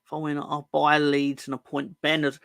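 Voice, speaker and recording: A man's voice: on the high side, monotone, brisk, vocal fry, a bit bright, no echo. A man co-hosting a casual football fan chat, full of sarcastic, sweary banter. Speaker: podcast co-host.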